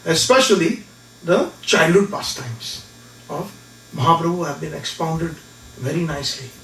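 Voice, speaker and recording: High-voiced man telling a story in a lecture. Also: normal speed, gravelly, a little hiss or hum. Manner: animated storyteller who acts out characters. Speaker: speaker. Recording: echoey room from far off.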